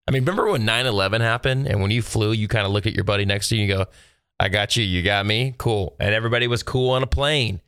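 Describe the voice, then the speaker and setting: A man with a lowish, smooth, resonant voice talks straight to his viewers in a loose monologue. He rambles and rants in exasperation, full of "uh" and "I mean". The sound is close and dry, with no room around it. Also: racing, few pauses, fairly bright tone, no echo. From Texas. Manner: rambling, exasperated ranting with many fillers. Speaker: solo video host. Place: at home.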